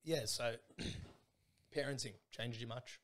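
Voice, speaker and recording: A man's voice: mid-range voice, slow, a bit bright. Teasing young man, faint hiss. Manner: teasing, leads the conversation. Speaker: podcast co-host. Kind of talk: casual podcast chat.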